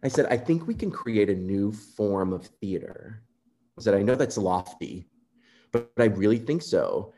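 A man being interviewed, telling a personal story in an earnest, animated way and acting out quoted remarks. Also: fairly low pitch, normal speed. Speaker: composer guest.

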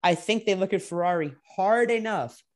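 A young man co-hosting a casual racing podcast, animated and profane, sometimes breaking into loud drawn-out shouts. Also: high voice. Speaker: podcast co-host. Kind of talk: casual sports chat.

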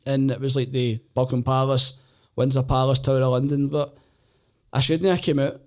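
A man with a Glaswegian accent, a comedian and former soldier, telling animated stories in casual chat and laughing often. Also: medium pitch, brisk. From Glasgow, Scotland. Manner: animated, laughs often, acts out voices in anecdotes.

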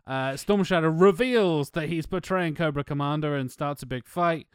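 A man's voice: fairly high pitch, moderate pace, clean tone, dry recording, studio quality. A man co-hosting a casual film podcast, recapping the plot with sweary, sarcastic asides. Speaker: podcast co-host.

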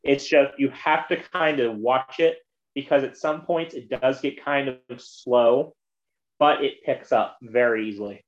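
Man, casual movie chat, rambling retelling, middle pitch, muffled audio. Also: a little slow. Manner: rambling, retelling scenes with quoted voices.

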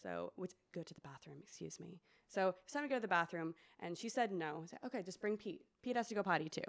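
A woman, a special education teacher co-hosting a podcast, telling classroom stories casually and acting out a child's lines. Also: quick pace. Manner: relaxed storyteller, acts out a child's lines in a high voice. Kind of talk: casual storytelling chat.

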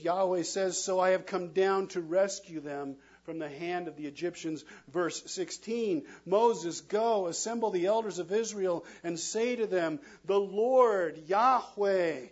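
Man, middle-aged pastor, emphatic sermon, husky voice, dull lo-fi sound. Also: high-pitched. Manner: emphatic call-and-response preaching, asks the congregation questions.

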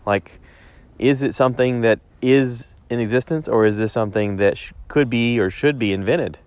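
A man's voice: mid-range voice, normal speed, darkish tone, no room sound. A man telling a rambling story in a casual spoken diary, correcting himself as he goes and talking into a phone. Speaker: vlogger.

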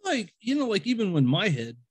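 Man, somewhat high voice, chatty skeptic spinning long, winding ghost anecdotes. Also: huge pitch swings, a little fast, slightly rough. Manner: rambling storyteller, acts out quoted dialogue; self-described skeptic and overthinker. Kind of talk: casual conversation.

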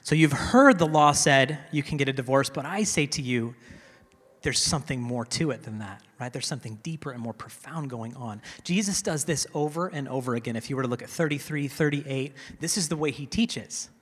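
A man's voice: medium pitch, a little fast, few pauses, a bit bright, breathy edge. A man giving a teaching sermon to a congregation in a conversational way, often checking in with "right?". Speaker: teaching pastor. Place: church hall with a congregation. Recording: long reverb of a hall.

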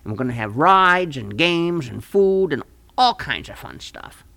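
A man's voice: fairly high pitch, very animated, unhurried, vocal fry, bright, forceful tone, exaggerated voice. A man voicing a scheming small-town fellow in a comic radio play, talking in a folksy, wheedling, overly sweet way. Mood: eager pitch.

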